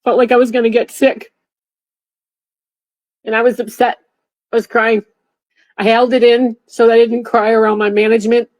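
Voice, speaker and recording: Halting middle-aged woman recounting grief. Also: fairly high pitch, low-quality recording. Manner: halting, many restarts and fillers. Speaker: interview guest, former TSA officer. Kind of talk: emotional personal recollection.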